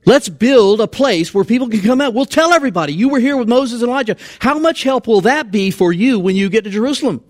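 A man voicing an eager male disciple who excitedly pitches a plan, rushing and persuading.

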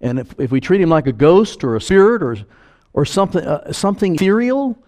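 An older man delivers a sermon from the pulpit. His voice sits a little high and swings widely in pitch, and he slips into acted voices for the people he quotes. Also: fairly quick. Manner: animated preaching, acts out quoted voices. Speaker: pastor.

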